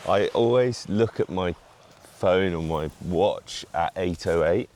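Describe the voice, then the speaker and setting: A man's voice: sits low, takes it slowly, darkish tone. A man from the UK co-hosting a vlog, chatting in an easygoing, joking way while walking on a beach. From United Kingdom. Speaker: vlog co-host. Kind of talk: casual chat while walking. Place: outdoors on a beach.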